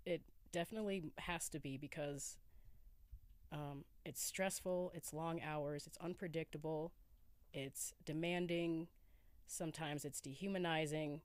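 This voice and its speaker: A woman's voice: low-pitched, steady tone, a little slow, no echo. Sleepy, laid-back woman podcaster. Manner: laid-back and giggly, with slang and swearing. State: sleepy, groggy morning voice. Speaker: podcast host. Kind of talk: casual solo podcast chat. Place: inside a camper van.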